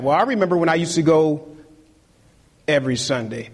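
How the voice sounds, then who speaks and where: A man with a fairly high, husky voice preaches a sermon. He drives his points home by repeating key phrases and urging the congregation to take note. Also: moderate pace, a little mellow. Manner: emphatic, repeats key phrases, exhorts listeners.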